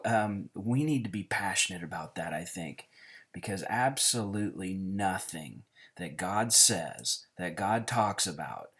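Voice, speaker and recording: A man with a very deep voice gives an informal Greek lesson. He talks in a halting way, full of fillers and restarts, as if thinking aloud. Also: fairly bright tone. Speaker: Greek teacher. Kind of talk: casual teaching with a whiteboard.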